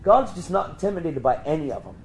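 A man preaching, telling a story and acting out the voices of the people in it with sudden high jumps in pitch. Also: very animated, quick pace, rough recording. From Pennsylvania. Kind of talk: storytelling sermon.

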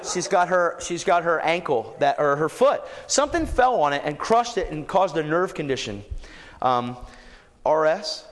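Male preacher, lively swooping delivery, recorded in a reverberant hall. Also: on the high side, normal speed. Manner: animated, building to shouts. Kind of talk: storytelling sermon.

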